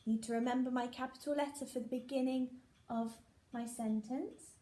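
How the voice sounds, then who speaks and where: A woman teaching young children phonics, sounding out letters and words slowly and clearly. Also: a little high, steady tone, warm tone, echoey room. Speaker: primary school teacher.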